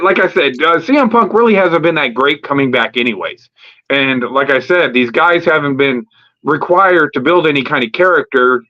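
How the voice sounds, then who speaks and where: A man hosting a live wrestling talk stream, ranting casually and profanely about storylines, rambling with fillers and acting out quick promo bits. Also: fairly high pitch. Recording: lo-fi streamed audio.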